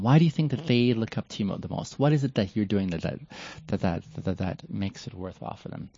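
A man's voice: on the low side, mellow, breathy edge, dry recording. A man in his late thirties to forties, a former church leader, giving a heartfelt, reflective live-stream talk to his followers and often circling back mid-sentence. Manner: earnest and heartfelt, with repeated restarts. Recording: dull lo-fi, dry sound.

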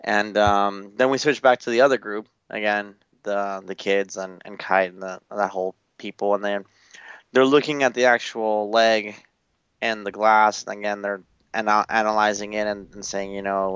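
A man co-hosting a podcast, recapping episodes in casual chat, blunt and quick to swear, acting out the characters' lines. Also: on the low side, little pitch movement, a bit bright, clear, resonant tone, no echo, muffled recording. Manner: blunt, swears freely, acts out quotes. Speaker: podcast co-host.

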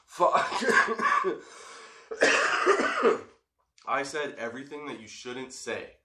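A man's voice: medium pitch, huge pitch swings, drawn-out words, very noisy. A middle-aged man and father telling a story in a casual vlog, rambling, swearing freely and laughing as he goes. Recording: echoey room.

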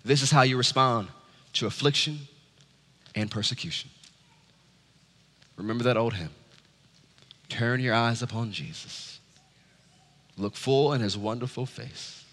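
A man preaching a sermon as pastor, swinging from loud urgent calls to low quiet asides. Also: a little slow, long pauses, big-room sound. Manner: preaching with wide swings from loud high urging to low hush.

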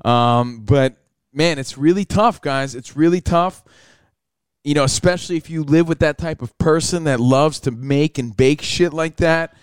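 A man's voice: medium pitch, clear, resonant tone, dry recording, studio quality. A man hosting a talk radio show, telling crude joking stories in casual banter.

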